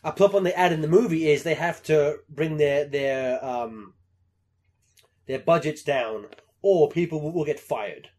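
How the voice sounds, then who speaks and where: A man chatting casually about movies, swearing a lot and slipping into loud mocking voices. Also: on the high side, a little slow. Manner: animated, profane, breaks into loud mock voices. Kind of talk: casual chat.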